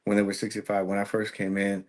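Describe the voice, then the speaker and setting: A man who is a guest on a casual podcast, telling relaxed stories about when he was first starting out. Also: lowish voice, fast. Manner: relaxed, reminiscing storyteller. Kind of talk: casual chat.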